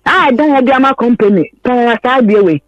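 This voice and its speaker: A woman's voice: on the high side, lively intonation, fairly quick, dry recording, dull audio. A woman from Ghana, a caller, earnestly recounting her personal story on a radio phone-in, pleading and repeating herself.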